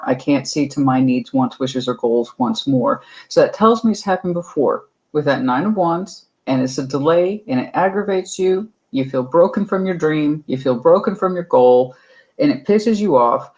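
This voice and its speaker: A woman's voice: lowish voice, darkish tone, low-quality recording. A woman giving a tarot card reading in a chatty way, repeating her points and calling the listener honey. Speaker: tarot reader.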